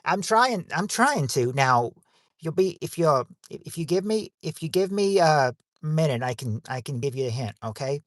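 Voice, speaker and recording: Here the same kind of livestream host, a man leading family game night, works through survey answers with meandering gags and vulgar quips. He sounds slightly high-pitched and expressive, speaking at a moderate pace over clean, dry studio audio.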